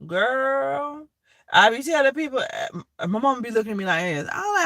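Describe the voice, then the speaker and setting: A woman tells stories in a casual, blunt and profane manner. Her voice sits high and bright and swings widely in pitch. The sound is close and dry. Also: very animated, normal speed, dry recording. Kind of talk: casual storytelling.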